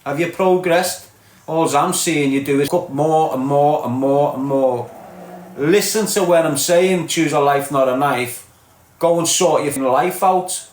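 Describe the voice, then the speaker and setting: A man's voice: on the high side, measured pace, darkish tone. A middle-aged man with a Liverpool accent, ranting bluntly and mockingly at viewers on a live stream, tagging his lines with "lad" and "mate". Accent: Liverpool (Scouse). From Liverpool, England. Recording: roomy echo.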